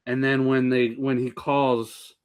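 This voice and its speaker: A man's voice: mid-range voice, flat delivery, takes it slowly, smooth. A man co-hosting a podcast, rambling a bit as he describes scenes from shows. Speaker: podcast co-host. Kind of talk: casual chat.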